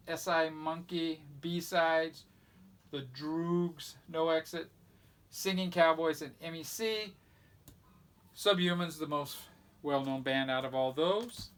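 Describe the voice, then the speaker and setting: A man's voice: a little high, a bit bright. A man casually showing records from his collection, rambling and enthusiastic as he lists off bands. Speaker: record collector vlog host. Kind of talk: casual record show-and-tell.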